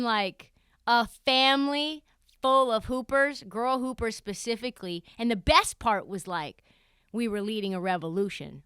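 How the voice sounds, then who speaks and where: A young woman hosts her podcast, chatting through an anecdote with lively, offhand energy and casual swearing. Her voice is bright and sharp, smooth and crisp. It sounds close and dry. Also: on the high side, dry recording. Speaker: podcast host. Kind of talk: casual storytelling monologue.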